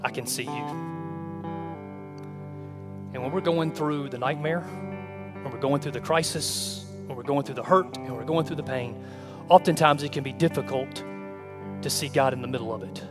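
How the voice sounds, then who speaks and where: A man's voice: mid-range voice, moderate pace. A male pastor preaching a sermon with an impassioned, repetitive cadence. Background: soft guitar music.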